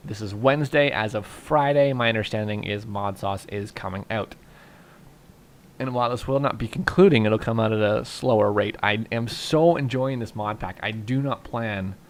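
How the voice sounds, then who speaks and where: A young man narrating a game casually and rambling through his thoughts with lots of fillers, tired and yawning. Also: lowish voice. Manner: relaxed, rambling, thinks aloud with fillers. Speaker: gaming YouTuber. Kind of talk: casual Minecraft commentary.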